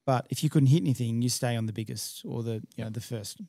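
Man, mellow match-director talk. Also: medium pitch, fast, vocal fry, no room sound, studio quality. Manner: explanatory, technical detail. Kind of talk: casual podcast chat.

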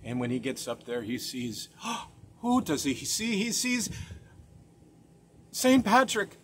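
A man spinning a joke story with a high, husky voice. His pitch leaps and swoops as he builds each beat dramatically. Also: slow pace, long pauses. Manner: animated, dramatic gasps and swoops.

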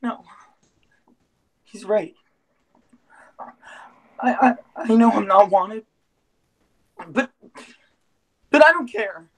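A woman's voice: a little high, animated, exaggerated voice, poor audio. Teen girl playing a timid, stammering greaser boy. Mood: hurt. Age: teens. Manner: halting, stammering, soft. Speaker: student actor. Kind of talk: school play read over a video call.

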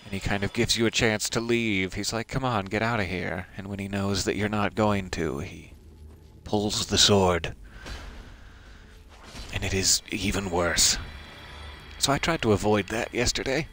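Brief: low-pitched male streamer, musing and wry, soft-spoken let's play commentary. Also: measured pace, slight background noise. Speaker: game streamer.

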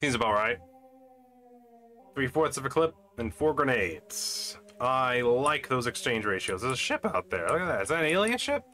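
A man's voice: medium pitch, big pitch swings, normal speed, noisy background. A man commenting playfully on his own play of a shooter game, joking and talking to himself as he goes. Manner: playful, jokey, talking to himself while playing. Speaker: gaming channel host. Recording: game music playing behind.

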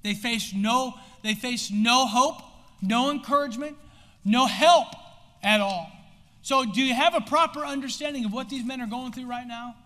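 A sermon at normal speed comes from a US pastor with a high-pitched male voice. He preaches with mounting intensity and abrupt shouts, and the church sanctuary around him adds long hall reverb.

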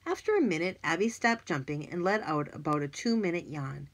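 Expressive woman reading an audiobook. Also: sits low, fairly quick. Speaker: audiobook narrator. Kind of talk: scripted narration.

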